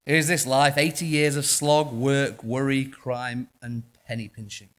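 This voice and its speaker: A man with an English accent preaching a sermon in church, impassioned, swinging between quiet passages and loud ones. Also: medium pitch, steady tone, unhurried. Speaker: pastor.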